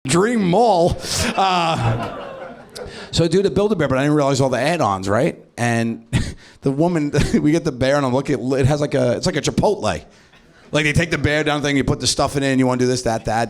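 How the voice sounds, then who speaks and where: A man doing improvised stand-up, animated and swearing, often laughing and acting out voices. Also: mid-range voice, fairly quick. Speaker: stand-up comedian. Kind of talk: improvised stand-up crowd work. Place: comedy club stage.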